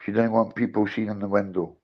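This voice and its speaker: A middle-aged man tells a story to his livestream viewers, animated and acting out the dialogue as he goes. His voice sits low, and the stream audio is dull and lo-fi. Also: fast talker. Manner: animated, acts out his own and others' lines. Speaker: livestream host.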